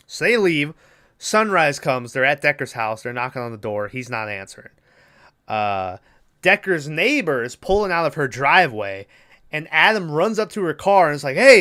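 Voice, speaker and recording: A man's voice: fairly high pitch, big pitch swings, unhurried, bright, forceful tone, clean tone. A man co-hosting a podcast, retelling a movie plot in loose, profane casual chat and acting out the characters' lines. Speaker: podcast co-host.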